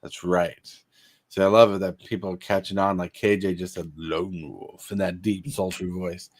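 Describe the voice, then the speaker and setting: A man's voice: sits low, little pitch movement, moderate pace. A man hosting a casual chat show, rambling with lots of fillers and frequent laughter. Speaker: podcast host.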